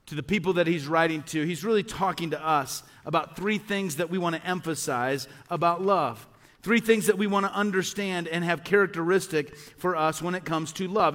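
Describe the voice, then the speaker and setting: A man's voice: high voice, fairly bright tone, in a large hall. A male pastor preaching a sermon to his congregation, earnest and repetitive, asking rhetorical questions. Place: church sanctuary.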